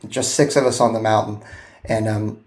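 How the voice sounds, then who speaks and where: A man recounting a past military mission in casual podcast talk, halting with many fillers and restarts. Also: fairly low pitch, fairly even intonation, a little mellow. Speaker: guest, former joint terminal attack controller.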